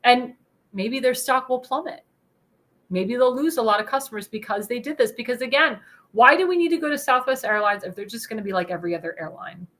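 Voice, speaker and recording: A woman's voice: a little high, brisk, fairly bright tone. A young woman hosting a talk show, ranting indignantly in an opinion monologue and speaking straight to her viewers. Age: young adult.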